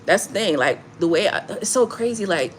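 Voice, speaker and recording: A tarot reader hosts a live stream, chatting casually with viewers and telling animated stories packed with swearing and frequent laughter. Her mid-range voice moves briskly, with slight background noise.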